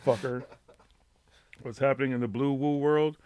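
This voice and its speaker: A man's voice: medium pitch, fairly even intonation, normal speed, darkish tone, slight background noise. A man with a Boston accent hosting a live radio show, rambling and swearing constantly in brash, casual chat. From Boston, USA.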